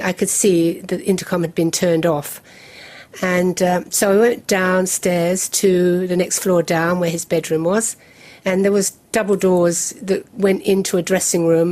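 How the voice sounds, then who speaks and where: A woman's voice: fairly low pitch, level tone, mellow. Older woman telling a memory. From England. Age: 70s. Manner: measured, detailed storytelling. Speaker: guest. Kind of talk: recounting a personal memory in an interview.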